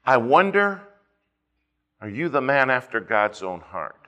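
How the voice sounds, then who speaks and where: A man preaching a fervent sermon, swinging between loud emphasis and hushed asides as he tells a story. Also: mid-range voice, sing-song, a little slow. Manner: storytelling with quoted dialogue.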